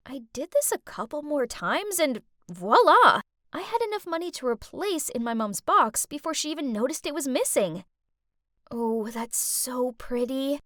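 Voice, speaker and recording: A woman narrating a first-person animated story in a chatty, dramatic way, talking straight to the listener. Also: on the high side, dry recording, clean studio sound.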